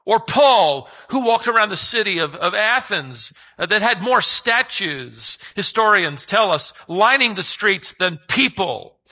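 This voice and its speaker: A man preaching with a high, lively voice that swings widely in pitch. His tone is very bright, with a husky edge. He speaks emphatically and keeps asking his listeners rhetorical questions. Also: a little slow, few pauses, low-quality recording. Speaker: pastor. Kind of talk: sermon.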